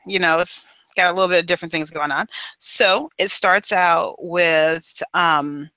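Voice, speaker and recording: Rich: A man with a bright, fairly high voice co-hosts a podcast in casual chat. He rambles loosely through a book summary, leaning on fillers and offhand phrasing. The sound is close and dry. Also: steady tone, unhurried, smooth, dry recording, low-quality recording. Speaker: podcast co-host.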